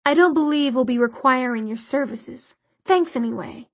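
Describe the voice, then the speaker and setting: A woman voicing an irritable, commanding male warlock who speaks in a clipped, brisk way. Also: high voice, no echo. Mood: dismissive. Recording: dry, phone-like narrow sound.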